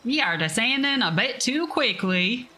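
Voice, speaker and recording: A woman voicing a calm, hard-to-impress male space explorer in a slow, put-on country drawl. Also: fairly high pitch, soft background music, voice pushed up.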